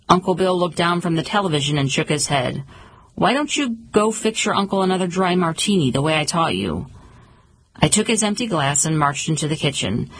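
Low husky woman narrating a story. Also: no echo, rough recording. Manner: calm, measured storytelling. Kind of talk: audiobook narration.

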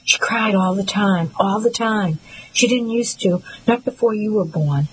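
A woman's voice: medium pitch, a little slow, a little hiss or hum, natural voice, low-quality recording. Lady narrator doing the broken older brother, slurry and teary, mumbly, storybook read. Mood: grieving. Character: grieving troubled adult brother, slurred speech.

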